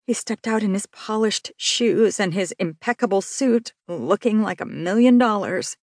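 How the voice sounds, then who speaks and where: A woman's voice: a little high, darkish tone, slightly rough, no room sound, clean studio sound. A woman narrating a novel in the first person with a wry, confiding manner. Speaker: audiobook narrator.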